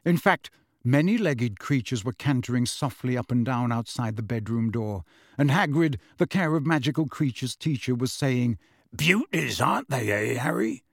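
A man reading a storybook aloud as narrator, in a steady, expressive storytelling manner. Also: medium pitch, normal speed, dry recording, studio quality. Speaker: audiobook narrator. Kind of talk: scripted narration.

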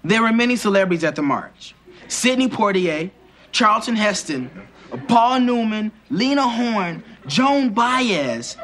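A man's voice: high voice, animated, unhurried, fairly bright tone. An actor playing an earnest teenage boy who reads his school report aloud and defends it to his family. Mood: reading. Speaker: son reading a school report.

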